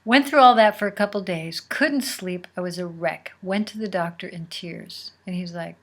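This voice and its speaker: A woman host telling a personal story in a casual, unhurried way, sometimes dropping to a near whisper. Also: lowish voice, a bit bright. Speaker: podcast host.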